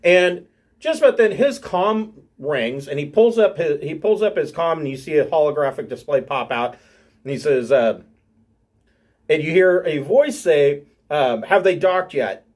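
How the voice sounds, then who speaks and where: A man narrating a tabletop game as game master, halting and filling gaps with ums and uhs. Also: fairly high pitch, expressive, darkish tone.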